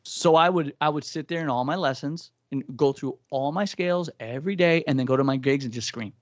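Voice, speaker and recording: Brief: man, singing teacher, rapid casual storyteller, dry lo-fi studio recording. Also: on the high side, no room sound. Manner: fast, animated storytelling with sung and acted quotes. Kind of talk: casual chat between vocal coaches. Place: coaching studio.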